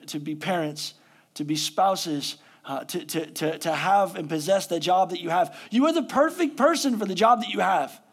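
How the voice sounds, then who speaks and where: A male pastor giving a conversational sermon, joking about himself and then reading scripture with rising emphasis. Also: high voice.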